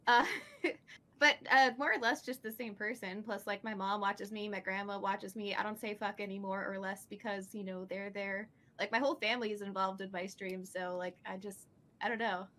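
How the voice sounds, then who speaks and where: A woman chatting as a guest on a podcast, upbeat and high in energy. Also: steady tone, normal speed, sharp tone. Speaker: streamer guest. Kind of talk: casual podcast chat.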